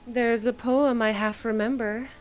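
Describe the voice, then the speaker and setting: A woman voicing a refined, wistful game character in a soft, hushed whispered role-play voice. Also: fairly high pitch, fairly even intonation, a little slow, soft background music, close to an everyday voice, poor audio.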